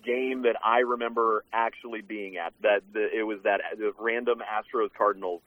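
A man's voice: fairly low pitch, steady tone, normal speed. A man hosting a casual chat, reacting briefly and then sharing his own story in an easygoing way. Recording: tinny phone-like line.

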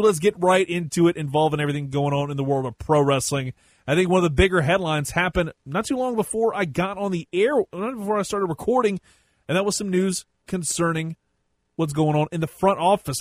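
A man hosts a solo podcast in a casual, rambling way, often correcting himself mid-sentence. His voice sits somewhat high for a man. The sound is dry and close. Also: dry recording. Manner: chatty, rambling, self-correcting. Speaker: podcast host.

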